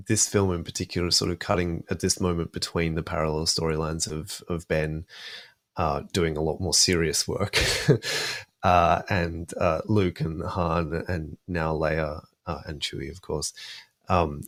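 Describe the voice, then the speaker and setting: A man's voice: low voice, fairly even intonation, a little slow, fairly bright tone, no echo, studio quality. A young adult man with an Australian accent, chatting thoughtfully about film music as a podcast guest, with many fillers. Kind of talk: casual podcast discussion.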